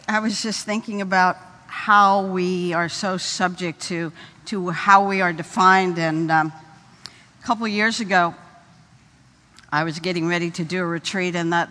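An older woman speaking at a conference, telling humorous stories in a lively way and often repeating her words. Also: fairly low pitch, big-room sound. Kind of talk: storytelling conference talk. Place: conference hall stage.

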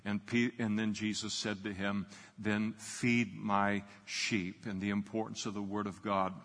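A man's voice: lowish voice, little pitch movement, brisk, a bit bright, in a large hall. A man preaching an unscripted Bible sermon as pastor, with frequent fillers and restarts.

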